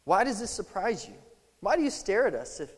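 A man preaching a sermon, casual and animated, acting out scripture scenes in little voices. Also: sits high, fairly quick, husky. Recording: long hall reverb.

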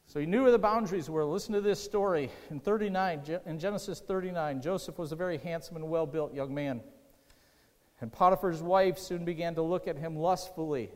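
A man with a fairly high voice preaches in a casual, conversational way, repeating key lines and putting questions to his congregation. His voice rings out with a long hall reverb, as in a church sanctuary. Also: a little fast, darkish tone. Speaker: pastor. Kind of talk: sermon.

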